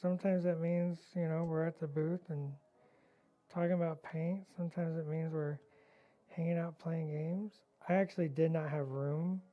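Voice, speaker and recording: Brief: woman, deep voice, loud playful hobby-stream host, muffled lo-fi sound. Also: fairly even intonation, normal speed. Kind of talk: casual chat while painting.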